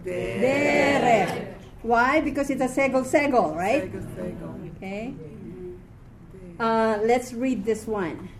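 Woman teacher, slightly high voice, slow and patient delivery, tired, laughs often, fixes her own slips. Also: a crowd in the background. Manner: chatty, laughs often, self-correcting. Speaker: Hebrew reading teacher. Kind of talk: live class teaching.

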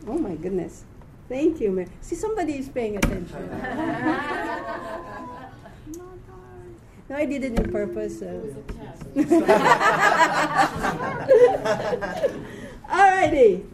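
A tired woman teaching a live reading class, chatty, quick to laugh and correct herself. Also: on the high side, very animated, over a noisy crowd, heavy background noise.

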